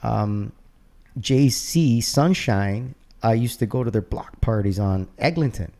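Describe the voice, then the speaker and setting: Gravelly Canadian man telling stories. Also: on the low side, unhurried. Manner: animated storyteller, peppers talk with "man", "bro", "you know". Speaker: guest DJ. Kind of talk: casual storytelling chat.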